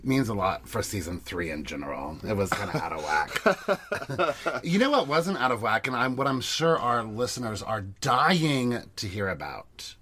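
A goofy man co-hosts a casual podcast and laughs easily. His voice is mid-pitched for a man. It swings widely up and down as he talks. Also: a crowd in the background. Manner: animated, goofy, quick to laugh. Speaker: podcast co-host. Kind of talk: casual chat.

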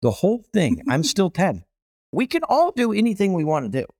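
A man's voice: high-pitched, wildly swooping pitch, fairly quick, darkish tone, no echo, studio quality. A middle-aged man, a celebrity chef guest, telling stories with energy and emphasis in a casual conversation.

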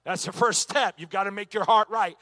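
A man's voice: high-pitched, a little fast, bright, forceful tone, no echo. Male Bible teacher, emphatic delivery, dry close sound. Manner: emphatic, punctuated with "amen" and rhetorical questions. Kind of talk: church Bible lesson.

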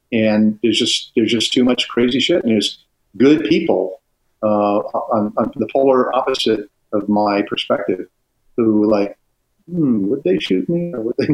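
A man's voice: on the low side, vocal fry, muffled recording. An older retired man, talking in an intense, emphatic way as a guest in casual chat. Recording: roomy echo.

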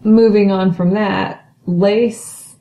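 A woman's voice: mid-range voice, steady tone, extremely slow, highs cut off. A woman co-hosting a podcast, chatting casually and playfully about a TV show. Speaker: podcast co-host. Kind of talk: casual chat recapping a TV show. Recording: echoey room.

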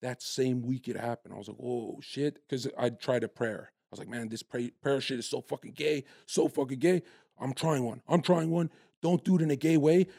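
A young man in his twenties from Canada, telling stories in a brash, profane, animated way as a guest in a casual podcast chat. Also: medium pitch, normal speed, vocal fry, no room sound, clean studio sound.

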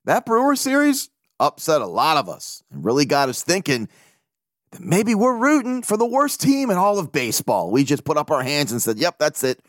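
A man talks through a casual solo sports podcast in an animated, rambling way, swearing freely and laughing at himself. His pitch swings widely as he gets worked up. The sound is dry and close to the mic. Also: normal speed, dry recording. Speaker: podcast host.

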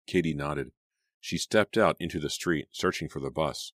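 A man reads an audiobook in a steady, measured way. His voice is extremely deep, and the sound is dry and close with no room echo. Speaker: audiobook narrator. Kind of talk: scripted audiobook narration.

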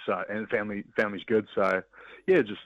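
New zealand man, 30s, rugby player, phone interview, low voice, dull dry line, halting. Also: no room sound. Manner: relaxed, halting, many restarts and fillers. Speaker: guest, professional rugby player.

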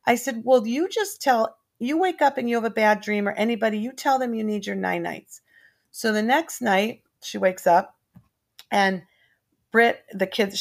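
A woman's voice: mid-range voice, creaky. An older woman telling long family anecdotes in casual chat, rambling with many restarts.

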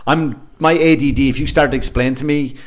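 Man, podcast host, animated storyteller, swears a lot, does voices. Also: medium pitch, a little fast. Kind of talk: casual podcast chat.

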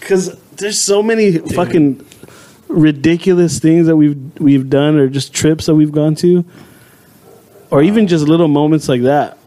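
Casting note: high-pitched male co-host, laughs through his anecdotes, swears freely, casual. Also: unhurried, dark tone. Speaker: podcast co-host. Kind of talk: casual chat.

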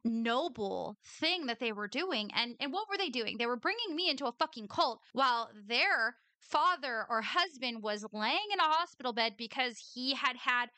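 A woman's voice: on the high side, animated, normal speed, hardly any pauses, bright, forceful tone, dry recording. Blunt, swearing woman podcast host. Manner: blunt, exasperated, swears often. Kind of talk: commentary on an old recording.

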